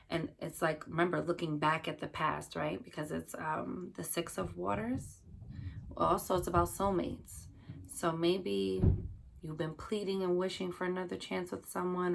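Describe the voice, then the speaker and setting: A woman's voice: lowish voice, gravelly, a little hiss or hum. A woman giving a casual tarot reading to her viewers, chatty and loose, full of "like" and "you know", speaking to her audience fondly. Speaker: tarot card reader.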